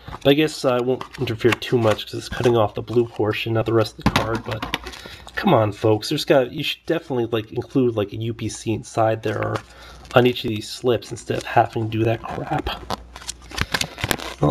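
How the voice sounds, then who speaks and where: A man's voice: medium pitch, creaky, noisy background. A man casually reviewing an action figure, rambling loosely with lots of fillers and a wry, mildly complaining edge. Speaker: toy reviewer. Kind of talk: casual toy review vlog.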